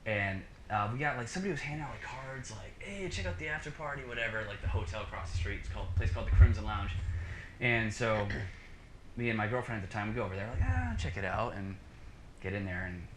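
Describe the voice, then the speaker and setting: Animated man telling a story. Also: on the low side, fast. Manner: animated, acts out dialogue, many fillers. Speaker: podcast guest, musician. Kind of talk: casual storytelling. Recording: echoey room with background noise.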